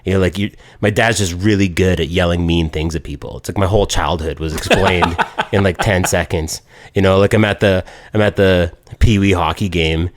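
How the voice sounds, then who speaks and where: A man co-hosting a podcast, telling a story in casual chat and quoting people as he goes. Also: low-pitched. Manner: animated storyteller, quotes people in voices. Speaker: podcast co-host.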